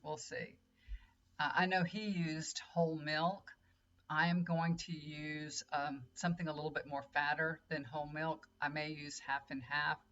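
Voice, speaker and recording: A woman's voice: sits low, flat delivery, a little slow, fairly bright tone. A middle-aged woman, a tarot reader and healer rambling in casual chat straight to her viewers. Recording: dull lo-fi audio with faint hum.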